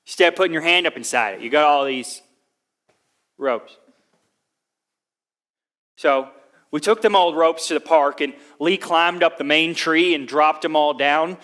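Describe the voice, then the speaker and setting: A male actor portrays a down-and-out young drifter, telling his story of hardship in a measured way with frequent pauses. His fairly high, bright voice carries folksy, rustic-grammar speech, and the stage delivery stays plain and sincere.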